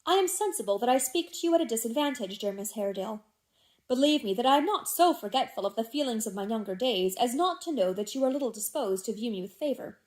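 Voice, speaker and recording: Scheming older gentleman, silky and falsely tender, read by a woman, audiobook. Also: a little high, expressive, fast, close to an everyday voice. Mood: soothing.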